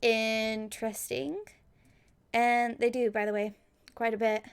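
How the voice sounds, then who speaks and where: A woman voicing a deliberate, slow-speaking archivist. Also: on the high side, flat delivery, gravelly, smooth. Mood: probing.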